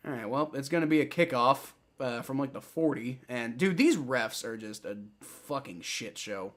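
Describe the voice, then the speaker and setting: A man giving excitable live play-by-play reactions to a football game, swearing and repeating himself often. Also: medium pitch, moderate pace, few pauses.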